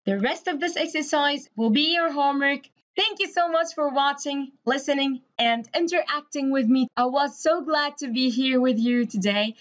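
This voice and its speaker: A woman's voice: sits high, normal speed, hardly any pauses, muffled recording. A woman from Egypt, an English teacher giving a recorded grammar lesson, explaining step by step and spelling words out letter by letter.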